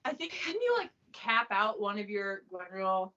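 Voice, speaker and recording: A woman's voice: mid-range voice, very animated, moderate pace, bright, forceful tone. A young American woman chatting casually, bubbly and laughing often, with plenty of filler words. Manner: bubbly, lots of likes and laughs. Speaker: podcast host. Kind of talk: casual chat over a video call. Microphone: video call. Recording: dull lo-fi video call audio.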